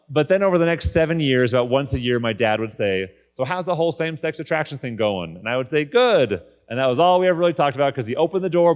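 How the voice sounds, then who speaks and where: A man in his thirties giving a candid, conversational personal faith talk from a conference stage. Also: medium pitch. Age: 30s. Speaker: guest speaker.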